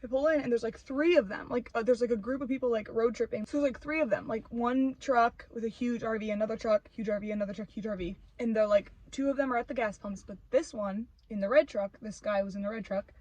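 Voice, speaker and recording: A woman of twenty-one telling a story as an animated, profane rant, full of filler "like". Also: on the high side, quick pace, hardly any pauses, rough recording. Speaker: vlogger. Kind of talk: ranting storytime.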